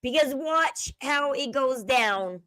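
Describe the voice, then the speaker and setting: A woman hosting her own commentary channel, talking in a high, chatty voice. She speculates freely and slips into a hushed murmur to quote others. The sound is dry and close. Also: animated, takes it slowly, dry recording, rough recording. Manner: chatty, speculative, drops to a low murmur when quoting others. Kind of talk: casual commentary over a video clip.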